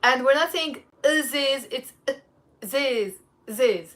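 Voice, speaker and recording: A woman with a Lebanese accent giving a casual language lesson, chatty, repeating phrases slowly and checking in with "okay?" often. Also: high voice, fairly even intonation, a bit bright. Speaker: Arabic teacher.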